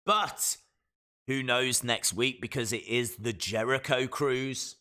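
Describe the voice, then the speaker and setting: A man with a Black Country English accent hosts a wrestling live stream in loose, chatty talk. His voice sits in an ordinary middle pitch but has a bright, forward edge, and his opinions are full of fillers. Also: slow. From West Midlands, England. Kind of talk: casual live-stream chat, reading viewer comments.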